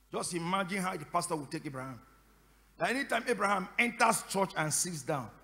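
A man preaching to a congregation in a high, bright, forceful voice that rings through a reverberant church hall. He fires repeated questions at the room, waits for answers, and at times breaks into shouted prayer. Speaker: pastor. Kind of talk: sermon. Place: church service.

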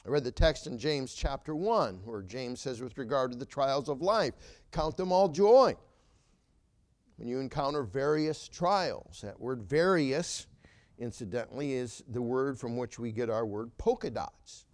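A male pastor preaching a sermon in church, emphatic, with rhetorical questions and frequent filler pauses. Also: mid-range voice, animated. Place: church sanctuary.

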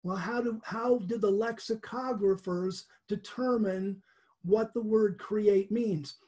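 Casual Bible teacher: husky, warm tone, chatty and explanatory, chuckles often. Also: medium pitch, fairly even intonation, slow. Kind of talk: conversational Bible lesson.

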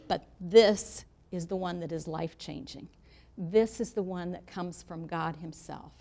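A woman's voice: fairly low pitch, warm tone. A middle-aged woman leading a women's Bible study in a church room, talking to the group in a direct, reassuring way. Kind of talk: teaching talk to a live group.

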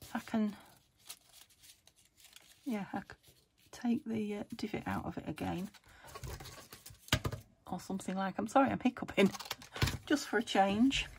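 British woman, craft host, gravelly voice, chatty and muttering, clearly heard clicking and scratching noises. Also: mid-range voice, slow, pauses often, slight background noise. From United Kingdom. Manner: chatty, muttering to herself, dropping to whispers while working. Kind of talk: casual crafting commentary. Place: home craft table.

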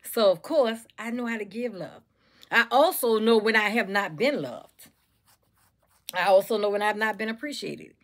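A woman's voice: medium pitch, normal speed. A woman motivational speaker, talking to camera in a preachy, repetitive way and calling listeners baby and y'all.

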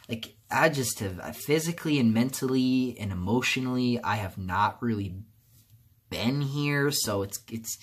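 A YouTuber talks alone to camera in a loose, rambling vlog monologue, restarting sentences and leaning on fillers. He swings between quiet, subdued stretches and louder outbursts.

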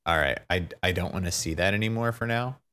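A man talking through a software tutorial, thinking aloud, fumbling and poking fun at himself. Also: sits low, brisk. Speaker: tutorial maker. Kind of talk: unscripted screen-recorded tutorial.

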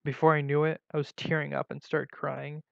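A man reading a first-person story aloud in a plain, steady way, with small slips and restarts. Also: a little high, fairly quick, creaky, no room sound. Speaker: story reader. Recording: dull lo-fi recording.

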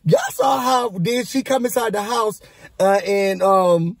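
A man with a high, slightly husky voice dishes on a reality show in a casual, gossipy recap. He is sassy and chatty and speaks straight to his viewers. The sound is dry and close, with no room echo. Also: a little slow.

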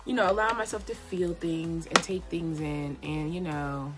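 A woman's voice: low voice, steady tone, moderate pace, over loud music. Chatty young woman vlogging her makeup. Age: young adult. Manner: chatty, slangy, encouraging. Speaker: beauty vlogger. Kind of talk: casual get-ready-with-me chat. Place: home, indoors.

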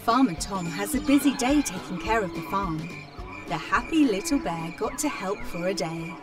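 A woman reading a children's farm story aloud, plainly and clearly. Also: mid-range voice, animated. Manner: slow, clear, plain reading with animal sounds. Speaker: storybook reader. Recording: voice from a distance, music behind. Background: children's music.

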